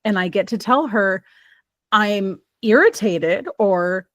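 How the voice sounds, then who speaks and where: A woman speaking as a guest in casual conversation, expressive and quick to laugh, sharing her experience as a child behavior specialist. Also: medium pitch, no echo. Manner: lively, expressive, laughs easily.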